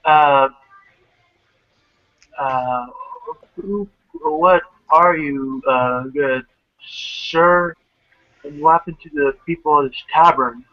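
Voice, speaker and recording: Slow-talking man player, a bit high, hesitant, dull lo-fi recording. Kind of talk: tabletop game play.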